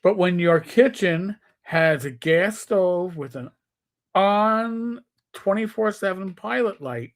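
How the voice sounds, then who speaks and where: A man with a New York accent, in his fifties, spinning stories on a casual live stream. His voice sits slightly higher than most men's. He slips into quick voices for the people he quotes. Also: expressive. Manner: storytelling, acts out quoted players with shifting voice. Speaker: co-host.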